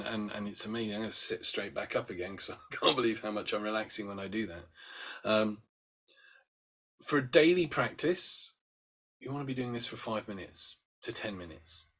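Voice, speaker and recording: A man leading a meditation lesson, talking gently and unhurriedly as he walks listeners through sighing and yawning exercises. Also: lowish voice. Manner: gentle, unhurried, with demonstrated sighs and yawns. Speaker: meditation teacher. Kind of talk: guided breathing instruction.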